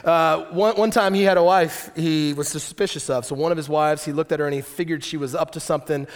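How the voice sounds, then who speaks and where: Male preacher, fairly high voice, animated storyteller who jokes with the crowd. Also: fairly quick. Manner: lively storytelling with joking asides. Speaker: pastor. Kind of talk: sermon.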